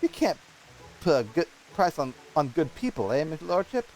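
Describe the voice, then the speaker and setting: A man's voice: a little high, sing-song, moderate pace, darkish tone, soft background music, rough recording. A man voicing a deferential female servant to a lord, reading game dialogue aloud in a raised, earnest voice.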